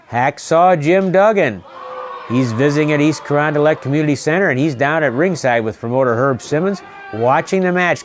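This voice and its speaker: A man from St. Louis giving excited play-by-play commentary at ringside, repeating his calls and shouting at the big moments. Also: a little high, a little hiss or hum. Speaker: wrestling commentator. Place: ringside at a community center.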